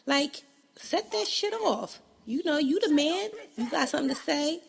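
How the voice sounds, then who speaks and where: A woman's voice: sits high, animated, moderate pace, vocal fry. A woman hosting a casual solo podcast, blunt and profane, laughing often, a bit congested. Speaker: podcast host.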